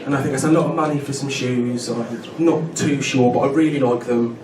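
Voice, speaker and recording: A man's voice: mid-range voice, steady tone, a little fast. Thirty-something man doing stand-up, echoey and distant. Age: 30s. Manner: chatty, keeps checking in with "right?". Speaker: stand-up comedian. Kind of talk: stand-up comedy set. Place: pub comedy night with a live audience. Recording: echoey room from far off, loud noise.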